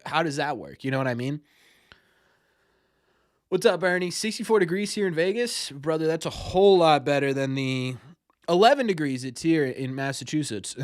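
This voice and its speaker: This sports podcast host is a young man with a slightly high voice, running a laid-back sports live stream. He wanders through viewer questions, frequently tripping over and repeating himself, captured in studio quality with no room sound.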